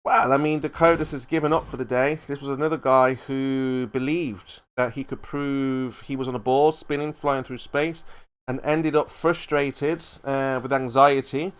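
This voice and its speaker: Casting: male debate host, smooth clear voice, dismissive and mocking. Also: mid-range voice, steady tone, moderate pace. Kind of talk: live online debate.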